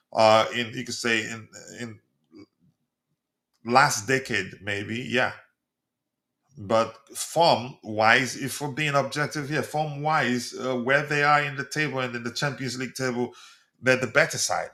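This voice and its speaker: A man's voice: mid-range voice, bright, forceful tone. A man from South Africa hosting a live football debate stream, chatty, reading viewer comments aloud and answering them; his first language is not English. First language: a South African language other than English. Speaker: livestream host.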